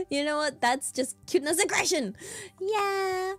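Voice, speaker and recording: A young woman from the United Kingdom streams live, her very high, expressive voice moving slowly with a fairly bright tone. Her British accent mixes rural speech with taught English, and she chats in a bubbly, giggly, rambling way over faint music.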